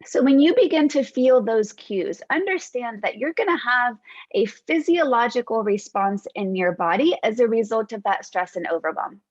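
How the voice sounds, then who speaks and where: Woman host, slightly high voice, gentle and reassuring, dry dull-ish podcast audio. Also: animated, no room sound. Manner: gentle, reassuring, unhurried lists. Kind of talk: reflective podcast monologue.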